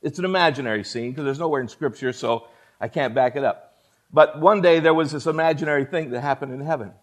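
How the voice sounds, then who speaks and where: A male pastor delivers a sermon, folksy and emphatic, speaking straight to the room. His voice sits high for a man. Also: fast.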